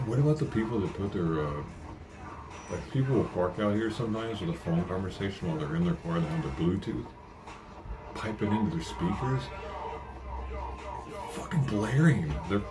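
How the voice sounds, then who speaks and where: A man chatting casually to his live-stream audience from home, rambling and swearing freely. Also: low voice. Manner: rambling, profane, talking to chat. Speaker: livestreamer. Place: at home by the front door.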